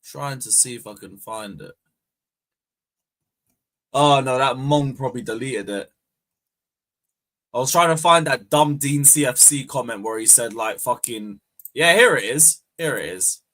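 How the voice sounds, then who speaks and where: A young man hosting a fan livestream, bantering loudly, swearing and taunting viewers. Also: medium pitch, animated, unhurried, long pauses. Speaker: fan channel host. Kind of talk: casual livestream chat.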